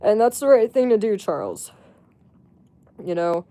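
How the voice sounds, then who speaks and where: A woman's voice: mid-range voice, very animated, measured pace, dark tone. A woman livestreamer telling a gossipy story in casual chat, blunt and rambling, swearing freely and laughing often.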